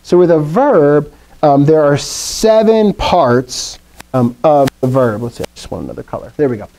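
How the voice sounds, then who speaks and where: Man, teacher, mellow warm voice, classroom lesson, recites drills, chatty explaining with fillers. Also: on the high side, animated, moderate pace.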